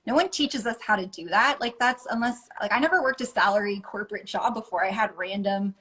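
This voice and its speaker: A woman's voice: mid-range voice, brisk, bright, forceful tone, low-quality recording. Earnest chatty woman coach. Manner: enthusiastic, earnest, laughs easily. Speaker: guest, life coach. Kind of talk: casual interview chat.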